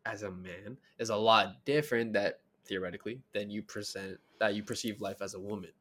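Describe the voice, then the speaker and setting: A man's voice: on the low side, fairly even intonation, fairly quick, sharp tone. A young man co-hosting a podcast, talking in a laid-back, slangy way. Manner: slangy, laid-back, says "bro" and "real shit". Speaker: podcast co-host. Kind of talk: casual chat.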